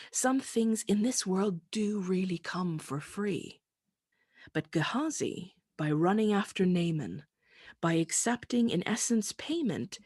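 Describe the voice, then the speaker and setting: A woman preaching a sermon in a measured, reflective way, asking rhetorical questions. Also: medium pitch, darkish tone, husky, dry recording, studio quality.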